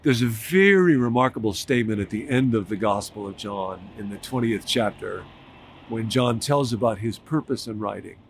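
A man preaching a sermon as a pastor, telling stories in a reflective way and slowing to stress key words. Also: lowish voice, expressive, a little hiss or hum.

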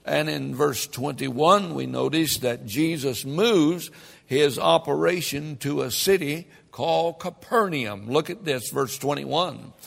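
Gravelly-voiced guy preaching, a bit high-pitched, emphatic, big echoey church. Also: slow. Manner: emphatic, building to loud preaching peaks. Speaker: pastor. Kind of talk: sermon. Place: church sanctuary. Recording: long hall reverb.

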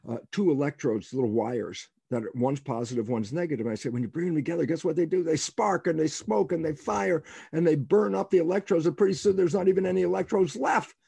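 A man telling stories as a guest in an interview, emphatic and animated, asking rhetorical questions and acting out the lines of people he quotes. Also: on the high side, vocal fry, breathy edge, no room sound. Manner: animated, acts out quoted dialogue. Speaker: guest biologist. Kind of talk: storytelling in an interview.

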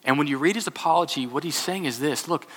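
A man preaching a sermon, telling a lively story and then dropping to a hushed, solemn tone for scripture. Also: on the high side, quick pace. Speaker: pastor. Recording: long hall reverb.

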